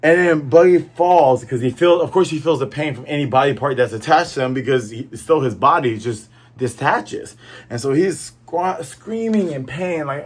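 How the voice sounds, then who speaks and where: With a fairly high, expressive voice, a young man goes over a manga chapter in an easygoing review, performing the characters' lines quickly and playfully.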